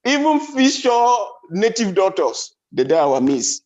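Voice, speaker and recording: A man from Nigeria with a Nigerian Pidgin accent, telling stand-up comedy stories with animated swings in his delivery. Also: a little slow, lo-fi sound. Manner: animated storytelling, big pitch swings.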